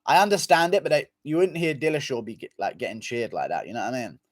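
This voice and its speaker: Man, livestream host, casual and profane, reacts to chat, medium pitch, dry close sound. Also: quick pace, no echo. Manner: profane, loose and offhand. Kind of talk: casual chat reading viewer comments.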